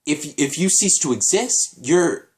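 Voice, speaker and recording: A man reviewing an anime episode in a casual, halting way, often restarting his sentences. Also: a little high, lively intonation, a little mellow.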